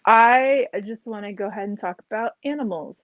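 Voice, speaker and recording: A woman hosting an online event, talking in a halting, friendly way with many ums. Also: mid-range voice, dry recording, highs cut off. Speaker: host.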